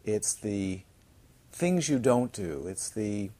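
A man's voice: lowish voice, expressive, takes it slowly, dark tone. A man teaching as a Buddhist teacher during a retreat, chatty and checking in with his listeners as he tells funny stories. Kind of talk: Dharma talk on a retreat. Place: retreat centre.

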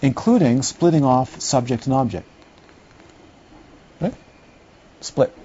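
A man's voice: medium pitch, lively intonation, slow pace, warm tone, breathy edge. A middle-aged man teaching a class on Buddhist philosophy in a rambling, conversational way, often checking whether his listeners follow. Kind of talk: lecture to a class. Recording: dull lo-fi recording.

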